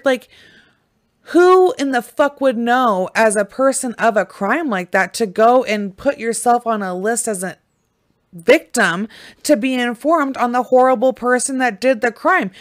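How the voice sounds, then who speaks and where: A young woman hosts a true crime podcast, talking casually but often breaking into angry, heavily profane rants. She mocks people by quoting them in put-on voices. Her voice is on the high side, with a dry, clean studio recording.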